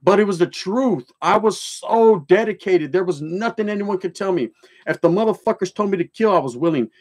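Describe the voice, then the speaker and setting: A man's voice: sits high, lively intonation, brisk, a little mellow. A middle-aged man, hosting a livestream. He reads chat comments aloud and tells his own stories bluntly, in swearing street slang mixed with Spanish words. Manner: blunt, storytelling, joking then serious. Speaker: livestream host.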